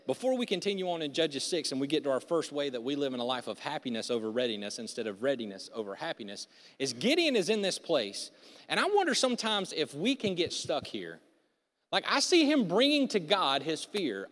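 A man preaching a sermon as a pastor, animated and conversational, with jokes and asides to the congregation. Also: a little high, a little fast. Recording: long reverb of a large hall.

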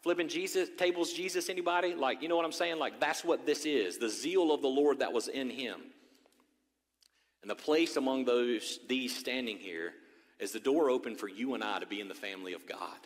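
Animated male pastor in echoing hall. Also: mid-range voice, normal speed. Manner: animated, swings between loud and hushed; conversational asides with humor. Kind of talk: sermon. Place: church sanctuary. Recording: long reverb of a church hall.

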